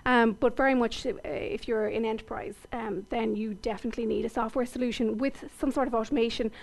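A woman's voice: on the high side, steady tone, a little fast, vocal fry. An Irish woman interviewed on the radio about her tech company, upbeat and confident. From Ireland. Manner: upbeat, confident business talk.

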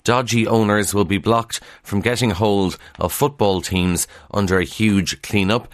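A man with a Kildare Irish accent presents a radio review of the morning newspapers, running through headlines in a brisk, conversational way with dry asides and frequent "uh" fillers. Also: lowish voice, steady tone, no echo. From Ireland.

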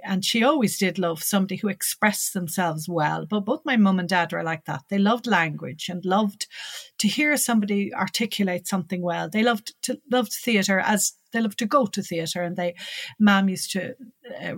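An older woman with an Irish accent telling a personal story in an interview, growing animated as she recalls conversations. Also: medium pitch, no echo. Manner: animated, lively when recalling dialogue.

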